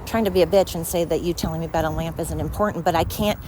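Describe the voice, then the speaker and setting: A woman's voice: sits low, steady tone, racing, warm tone, slight background noise. Winded woman rambling on a walk. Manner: scattered, chatty, self-deprecating. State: out of breath from walking uphill. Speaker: podcast host. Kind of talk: rambling solo podcast. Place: outdoors on a night walk by a road.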